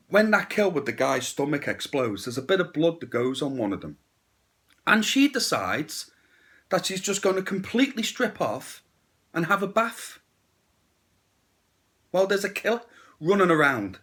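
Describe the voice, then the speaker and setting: Lively blunt male movie reviewer. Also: on the high side. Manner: blunt and crude, with sarcastic asides. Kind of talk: casual spoken movie review.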